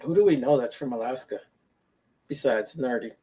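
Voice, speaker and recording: A man's voice: medium pitch, normal speed, mellow, slightly rough. A man hosting a casual chat, loose and laid-back, swearing casually. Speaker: podcast host.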